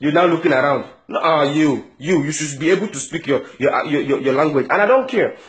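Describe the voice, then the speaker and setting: A man's voice: a little high, lively intonation, a little fast. A man ranting to camera in an indignant, mocking way, often stumbling over repeated words. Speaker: vlogger. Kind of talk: angry opinion rant to camera.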